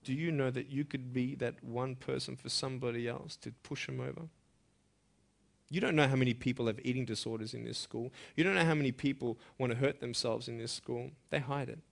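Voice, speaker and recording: A young adult man giving an earnest, emphatic motivational speech to students, moving between hushed and loud passages. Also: mid-range voice, fairly even intonation, fairly quick, creaky. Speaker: motivational speaker.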